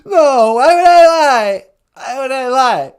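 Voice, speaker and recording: A woman's voice: high voice, lively intonation, slow. A woman voicing a whiny male celebrity caller who fake-sobs, giggles and insists he is innocent, in a comedic prank-call sketch. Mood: whiny sobbing.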